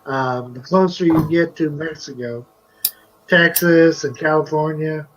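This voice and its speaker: A man from the United States hosts a casual livestream, mostly asking brief questions in a fairly high voice. His audio is dull and lo-fi. A faint noise hangs under it. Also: a little slow, a bit bright. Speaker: livestream host. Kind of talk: casual chat.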